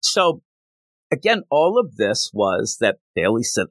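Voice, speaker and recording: A man hosting a podcast, chatting casually about comic books and retelling scenes with quick voiced quotes. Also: mid-range voice, sing-song, fairly bright tone, no echo. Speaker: podcast host. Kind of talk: casual comic book review chat.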